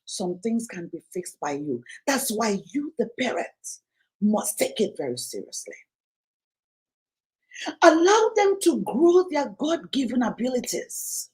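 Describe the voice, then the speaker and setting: Emphatic high-voiced woman giving a talk. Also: sing-song, measured pace, darkish tone, rough recording. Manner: emphatic, preachy, repeats key lines; acts out parents and children in quoted voices. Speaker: parenting speaker. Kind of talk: motivational conference talk. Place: conference venue.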